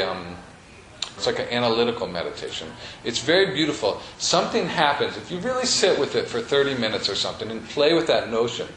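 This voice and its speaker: A man leads a meditation class in a studio, talking casually to the group with many fillers. His pitch moves up and down a lot. The room is echoey, with faint ambience behind him. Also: a bit bright, slight background noise. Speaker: meditation teacher. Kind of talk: teaching a class.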